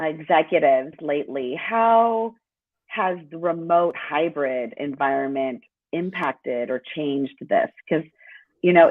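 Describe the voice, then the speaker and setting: A woman hosts a casual podcast interview, her voice sitting a little low. She comes through a narrow, tinny phone-like line with a dry sound, and she asks long, winding questions with plenty of fillers. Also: dry recording. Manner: rambling questions with many fillers. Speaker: podcast host.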